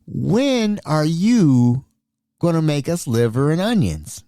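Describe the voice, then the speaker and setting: A nagging elderly woman insists she was promised something, her voice pitched up high and swooping about, as a man puts her on. The sound is dry and close. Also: big pitch swings, slow pace, mellow, no echo, heavily acted. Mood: insistent. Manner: nagging, accusing.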